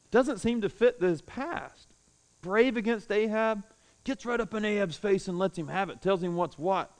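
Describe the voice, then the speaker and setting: Preacher man, high smooth voice, animated storytelling sermon, goes loud then hushed. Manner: animated storytelling, swinging between loud declaiming and hushed tones. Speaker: pastor. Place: room with a live congregation.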